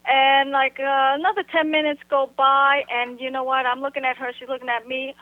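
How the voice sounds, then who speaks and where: Female phone guest, high voice, thin phone sound, blunt and halting. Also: level tone, no room sound. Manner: blunt, halting, full of "you know" and "like". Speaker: guest recounting an encounter. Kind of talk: casual phone interview. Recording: tinny phone line.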